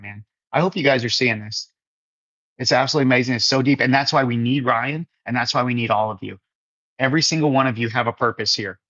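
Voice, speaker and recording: A man's voice: mid-range voice, fairly bright tone, dry recording. Man, livestream host, earnest, encouraging, reads chat comments, muffled dry audio. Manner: earnest, encouraging, calls viewers man and brother.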